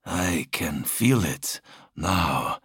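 A man's voice: sits low, sing-song, very slow, fairly bright tone, husky, dry recording, clean studio sound, heavily acted. A man voicing an injured male warrior who speaks through gritted teeth in an audiobook. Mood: weary. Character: injured male armored warrior, weary and grim.

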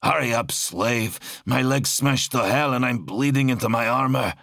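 A man voicing a gruff, wounded male space warrior with a hard, edged voice who swears and mocks in an audiobook. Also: medium pitch, normal speed, pushed and bright, no echo, studio quality, pitched above the performer's own voice. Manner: swearing, mocking.

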